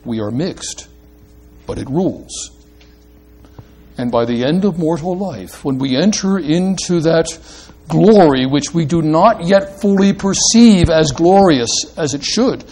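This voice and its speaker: Slow, deliberate male preacher. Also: a little high, darkish tone, husky. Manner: slow and deliberate, rising to emphatic, reads out Hebrew verse. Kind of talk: sermon.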